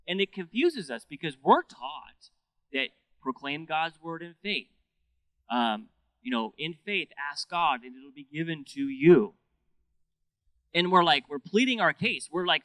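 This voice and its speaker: A man's voice: on the high side, fairly bright tone, no echo, poor audio. A male pastor preaching a sermon in a conversational, earnest way, often repeating words as he goes.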